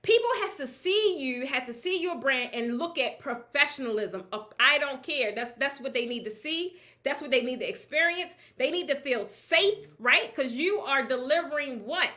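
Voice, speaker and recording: A woman running a draping business, giving a casual, lively talk to an audience of peers, laughing often and speaking in a colloquial, emphatic way. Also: sits high, moderate pace, few pauses.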